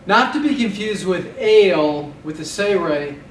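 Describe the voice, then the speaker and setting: A man teaching Hebrew vocabulary in a recorded lesson, spelling out letters and syllables slowly and deliberately. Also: high voice, lively intonation, reverberant, far from the mic, slight background noise.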